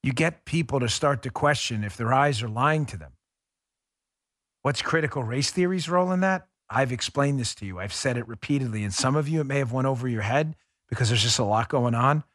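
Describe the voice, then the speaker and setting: A man's voice: mid-range voice, fairly quick, a bit bright, no room sound, clean studio sound. A man hosting a political podcast, delivering an angry, sarcastic commentary monologue with emphatic, repeated phrases. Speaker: podcast host.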